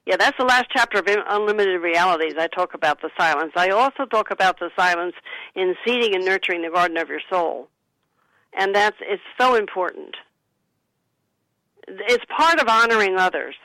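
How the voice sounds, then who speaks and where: A woman author and psychic, a guest on a radio talk show, calmly giving advice and suggesting what to say. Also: medium pitch, moderate pace, dry recording, rough recording. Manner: calm, counseling, gives sample phrases to say.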